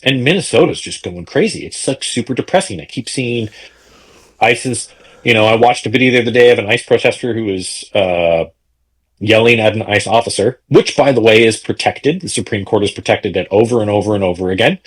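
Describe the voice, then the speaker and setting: Husky guy ranting on a politics podcast, voice jumping all over, keeps asking why. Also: on the low side, lively intonation, brisk. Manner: indignant, rhetorical questions. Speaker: podcast co-host. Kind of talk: casual political chat.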